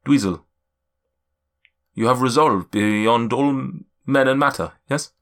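A man voicing a kindly, worried male cloud giant in a put-on German accent, speaking slowly in drawn-out, solemn pronouncements. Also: medium pitch, fairly bright tone. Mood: probing. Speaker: game master.

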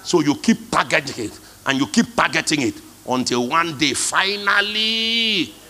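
A man's voice: fairly high pitch, moderate pace, pushed and bright, a little hiss or hum. A male pastor preaching a sermon, emphatic, calling out to the congregation for responses. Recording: long hall reverb.

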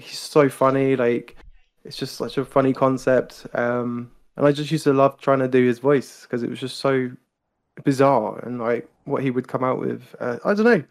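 British man, casual guest chat, gravelly voice, rambling with fillers. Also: mid-range voice, a little mellow. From Britain. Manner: chatty, laughs often, many fillers. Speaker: guest impressionist.

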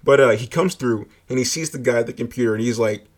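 A man's voice: medium pitch, fast talker. A man telling a personal story in a casual, rambling way, full of filler words and swearing.

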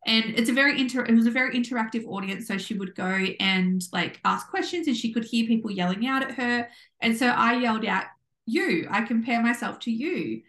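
A woman co-hosting a podcast, telling a story in a bubbly, animated way and acting out what people said. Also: on the high side, fast. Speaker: podcast co-host. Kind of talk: casual chat. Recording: echoey room.

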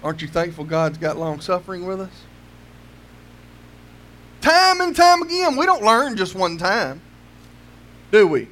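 A man's voice: sits high, wildly swooping pitch, unhurried, pauses often, fairly bright tone. A man preaching a sermon, pressing his listeners with rhetorical questions and repeating words as he builds his point.

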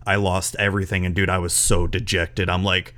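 Low-voiced rambling male podcast host. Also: flat delivery, fairly quick, a bit bright. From Florida, US. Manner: rambling, lots of restarts and fillers. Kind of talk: casual interview chat.

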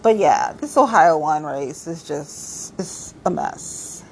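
A woman's voice: deep voice, expressive, takes it slowly, slight background noise. A woman talking bluntly about local politics in a casual, sassy, profane rant, stressing her points and repeating them. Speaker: political commentator.

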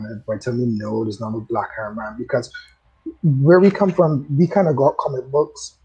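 A man from the Caribbean, a guest on a comics interview show, answering in an unhurried, reminiscing way. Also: a little high, warm tone, breathy edge, low-quality recording.

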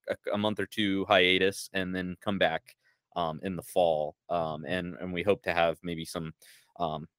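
Low-voiced man on a podcast. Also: dry recording, clean studio sound. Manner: easygoing, with frequent ums. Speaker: podcast co-host. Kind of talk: casual podcast chat.

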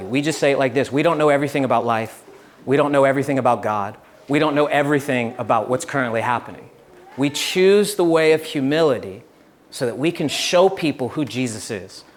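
A young man giving a relaxed, chatty sermon, telling stories with laughs and restarts. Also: medium pitch, slight background noise. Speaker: pastor. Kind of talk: casual sermon with storytelling.

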